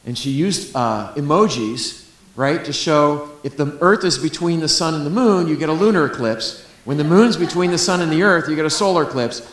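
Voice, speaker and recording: A man's voice: fairly high pitch, normal speed. Enthusiastic middle-aged man in a roomy hall. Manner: enthusiastic and chatty, with humorous asides. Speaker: astronomer giving a public talk. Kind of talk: public lecture. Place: library lecture room.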